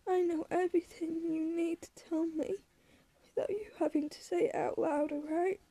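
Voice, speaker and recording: A woman reading the part of a gravely ill mother who speaks softly and tenderly, sometimes through tears. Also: high voice, little pitch movement, normal speed. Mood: tearful. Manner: soft, tender, pleading. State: crying in places.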